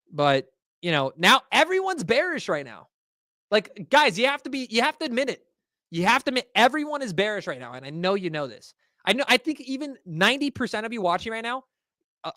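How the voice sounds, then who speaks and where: This livestream host is a man whose voice sits high with a sharp tone. He rants about the market to his chat, casual, slangy and full of profanity. The sound is clean, studio-grade and echo-free.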